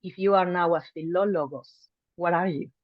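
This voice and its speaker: A woman with a fairly low, steady voice speaks at normal speed, teaching an online language class in a friendly, chatty manner with many ums and restarts. Her video call mic yields dull, dry audio with no room sound.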